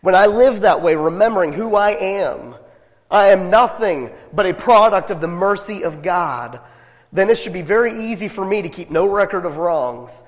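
Male pastor, animated sermon delivery, fairly high voice, long echoing hall. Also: normal speed. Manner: animated, emphatic preaching with rhetorical questions.

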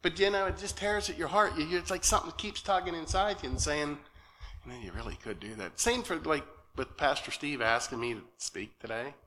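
Male lay preacher, nervous and earnest, bright tense tone, halting delivery with frequent check-ins. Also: fairly high pitch, a little hiss or hum. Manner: earnest and halting, often asks "okay?". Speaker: lay speaker at church. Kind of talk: sermon. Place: church sanctuary.

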